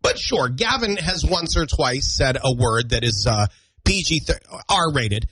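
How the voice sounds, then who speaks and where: A man hosts a morning radio show on a studio broadcast mic, bantering casually on air and telling self-deprecating family stories. Congested from allergies, he clears his throat. His medium-pitched voice is lively, a bit bright and a little slow, with a little hiss or hum.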